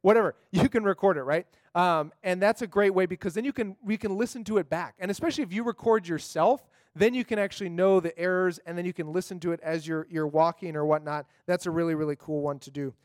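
High-pitched guy teaching scripture memory tips, super chatty and upbeat, dry room. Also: fast talker, hardly any pauses, no room sound. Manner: upbeat, chatty, lots of fillers and "right?". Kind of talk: casual teaching talk.

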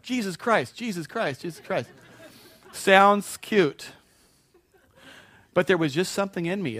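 A man's voice: mid-range voice, no echo. A man preaching a conversational sermon as pastor, folksy and anecdotal, often restarting his sentences.

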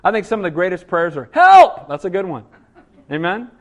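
High-pitched male pastor, sermon style, rhetorical questions, calls of amen, emphatic cries. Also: fast talker. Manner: call-and-response, asks "Amen?" often.

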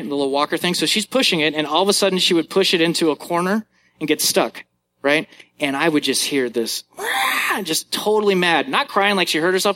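Fairly high-voiced preaching man. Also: bright, forceful tone. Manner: conversational preaching with anecdotes. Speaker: pastor. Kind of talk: sermon.

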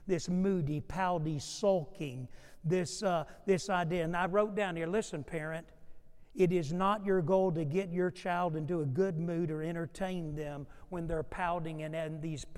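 A man preaching a sermon to his congregation, emphatic and given to quick restarts. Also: sits high. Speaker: pastor. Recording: long hall reverb.

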